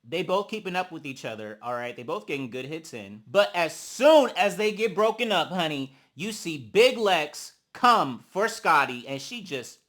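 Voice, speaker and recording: A man dishes on a reality show in a sassy, animated way. His fairly high voice swoops up and down, and its tone is bright and sharp. He keeps calling the listener honey. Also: normal speed, few pauses. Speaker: reality TV reviewer. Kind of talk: casual gossipy show recap.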